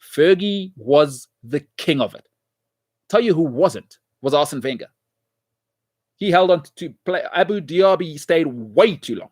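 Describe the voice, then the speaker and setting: A man with a somewhat raised pitch hosts his own show, lecturing the audience in an emphatic, repetitive way. His opinionated football commentary comes across dry and close, with no room sound. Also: lively intonation, unhurried, dry recording. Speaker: show host.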